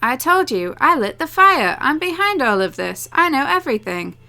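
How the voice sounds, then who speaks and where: A guilt-ridden young man who wants to die , read by a woman. He speaks quietly and evasively, resigned, with a bright, firm tone. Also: high-pitched, big pitch swings, moderate pace, creaky, voice pushed up, full character voice. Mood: defiant.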